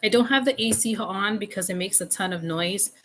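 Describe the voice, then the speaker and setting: A woman's voice: medium pitch, a little fast, poor audio. Chatty woman giving a casual tarot reading. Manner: chatty and informal, loose with fillers. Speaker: tarot reader. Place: room at home with a fan. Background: faint renovation noise from upstairs.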